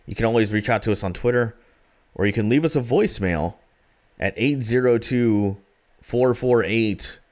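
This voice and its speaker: A man co-hosting a podcast, chatting casually and telling rambling stories with plenty of fillers. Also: fairly low pitch. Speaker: podcast co-host.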